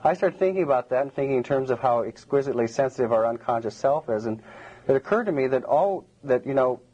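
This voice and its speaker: Husky-voiced male lecturer, rambling. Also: medium pitch, animated, fast, darkish tone, muffled recording. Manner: rambling and digressive, many restarts. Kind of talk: public lecture to a live audience.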